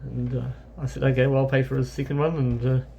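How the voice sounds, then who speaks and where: Rambling New Zealand man with gravelly voice. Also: mid-range voice, level tone, fast, warm tone. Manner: rambling anecdotal, with many self-corrections and fillers. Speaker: travel vlogger. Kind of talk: casual travel storytelling.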